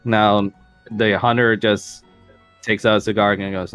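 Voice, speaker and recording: A man's voice: fairly low pitch, flat delivery, a little slow, fairly bright tone, clean tone, soft background music, rough recording. A man narrating a tabletop game as game master, casual and full of fillers.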